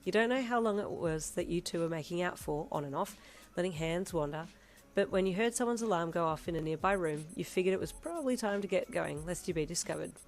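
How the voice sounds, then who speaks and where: Low-voiced woman reading a story. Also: lively intonation, fast talker, faint music behind. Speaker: fanfiction reader. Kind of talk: audiobook storytelling narration.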